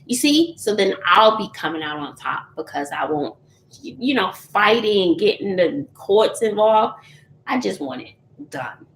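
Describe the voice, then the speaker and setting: A woman's voice: mid-range voice, very animated, measured pace, a bit bright. A woman, chatting candidly with viewers and laughing often. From Texas, USA. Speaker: YouTuber answering viewers. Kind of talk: casual live chat. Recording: roomy echo, faint noise.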